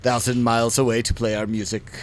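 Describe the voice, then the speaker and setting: A man voicing a disappointed Swedish male band singer with a Swedish accent, quiet and flatly polite. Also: medium pitch, quick pace, a little hiss or hum, pitched below the performer's own voice, lightly acted. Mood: crestfallen.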